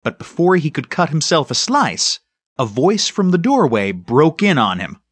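Husky man reading a children's story. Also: fairly high pitch, sing-song, normal speed, no echo. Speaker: audiobook narrator. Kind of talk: scripted narration.

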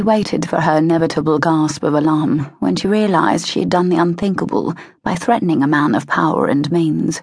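A woman narrating an audiobook in a measured, expressive way, close to a studio mic. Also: low voice, husky, no echo. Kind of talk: scripted narration of a historical romance.

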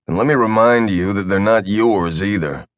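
A man's voice: lowish voice, normal speed, no echo, natural voice. A man voicing a tired, sarcastic male officer who is on medication. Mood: dry, sarcastic. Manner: dry, sarcastic. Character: sardonic, weary male officer under medication.

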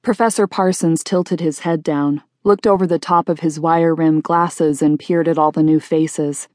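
A woman narrating a first-person audiobook in a plain, steady storytelling manner. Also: low voice, moderate pace, few pauses, dry recording, studio quality.

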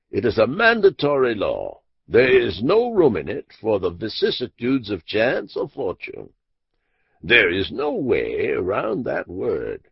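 Solemn backwoods moralist, read by a man; grave, measured, gravelly and dry. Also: lowish voice, no room sound, full character voice. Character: stern, solemn older backwoods moralist, Abner. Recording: dull lo-fi audiobook recording.

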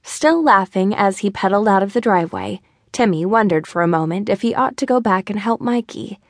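A woman narrating a mystery novel with an even storytelling delivery. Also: medium pitch, brisk, no room sound, studio quality. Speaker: audiobook narrator. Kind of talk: scripted narration.

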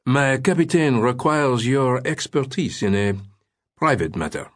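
A curt police lieutenant with a French accent, barking in a sharp, authoritative way and pitched higher than the reader's own voice, as an audiobook narrator puts him on. He is firm and businesslike. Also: animated, unhurried, lightly acted. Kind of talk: audiobook character voice.

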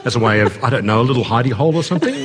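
A man's voice: mid-range voice, expressive, rapid-fire, breathy edge. A man with an Australian accent hosting a radio interview, asking curious, playful questions.

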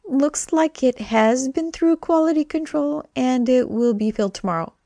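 A woman's voice: high-pitched, moderate pace, dark tone, dry recording, voice pushed up. A woman voicing a perky young woman hacker friend with a bubbly, breezy manner in an audiobook. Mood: smug.

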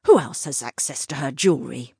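A woman voicing a brisk aristocratic gentleman detective. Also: very deep voice, expressive, slightly rough, no room sound, studio quality, full character voice. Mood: brisk, cordial.

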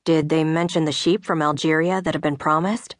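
A woman doing a quiet wounded veteran. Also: deep voice, fairly even intonation, brisk, no echo, clean studio sound, natural voice. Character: wounded American veteran, quiet young man.

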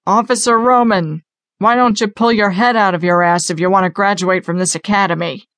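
A woman voicing a harsh male police academy instructor who yells with scorn. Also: mid-range voice, fairly even intonation, fairly quick, no room sound, studio quality, natural voice. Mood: scornful. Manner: yelling, scornful.

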